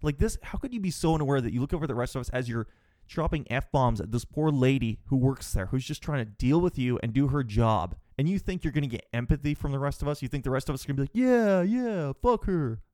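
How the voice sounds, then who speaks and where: A man's voice: medium pitch, fast talker, darkish tone, no echo, clean studio sound. A man hosting a podcast, telling a rambling, profane story in an exasperated, casual way. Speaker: podcast host.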